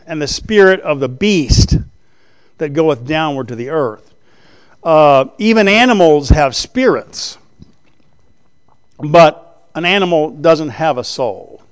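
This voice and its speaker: A man with a slightly high, clean voice gives a Bible teaching sermon in a conversational style. He keeps checking in with his listeners through rhetorical questions while writing on a board.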